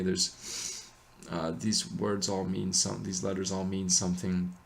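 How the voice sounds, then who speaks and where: A man explaining a chant melody in a relaxed, halting way, pausing often with fillers and correcting himself. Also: deep voice, gravelly, a little hiss or hum. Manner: hesitant, many ums and self-corrections. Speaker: chant teacher. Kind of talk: casual explanation with sung chant examples.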